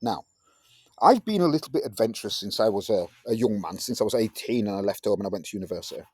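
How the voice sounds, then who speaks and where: A man teaching a science lesson in a playful way, jumping into high, silly voices to act things out. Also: animated, fast, a little mellow, slightly rough, no room sound, clean studio sound. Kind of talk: classroom lesson.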